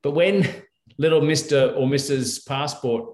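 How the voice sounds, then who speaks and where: A man's voice: on the high side, measured pace, a little mellow, roomy sound. A middle-aged man, a guest doctor, telling stories in a rambling, restarting way in a casual interview. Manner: rambling, with many restarts and fillers.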